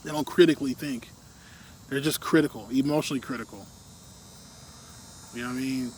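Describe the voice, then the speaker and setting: A young man in a casual, rambling rant, full of fillers, often trailing off quietly at the ends of his thoughts. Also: mid-range voice, steady tone, fairly quick, a little hiss or hum.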